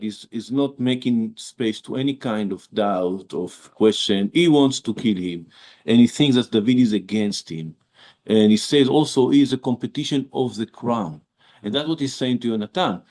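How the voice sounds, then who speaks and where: Rabbi teaching, halting English. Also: male voice, medium pitch, darkish tone. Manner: halting, with many restarts and fillers, reads verses aloud. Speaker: rabbi teaching a Bible class. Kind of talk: informal Bible lesson.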